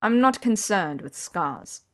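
A woman's voice: medium pitch, animated, takes it slowly, fairly bright tone. A woman reading an audiobook voices an aloof, proud young man in pain, with a dry, clipped manner. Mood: guarded.

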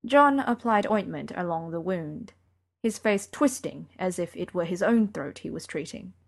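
Woman narrator, audiobook reading, low voice, quiet and even. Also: normal speed, creaky.

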